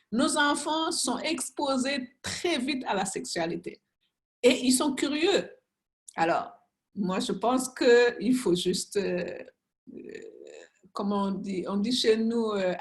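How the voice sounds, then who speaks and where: Earnest woman panelist. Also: fairly high pitch. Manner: earnest, searching for words with many fillers. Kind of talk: casual panel chat.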